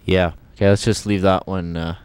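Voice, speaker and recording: A man's voice: deep voice, flat delivery, moderate pace, a little hiss or hum. A man casually demonstrating computer sound samples on an old home video, talking in offhand, rambling asides that trail off. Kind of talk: casual demo commentary. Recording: old home video with loud music behind.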